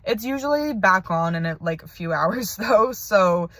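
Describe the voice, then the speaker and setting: A woman's voice: mid-range voice, animated, measured pace, a bit bright, no room sound. A teenage girl records a casual video message from her parked car, rambling and chatty with plenty of "like.". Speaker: video pen pal.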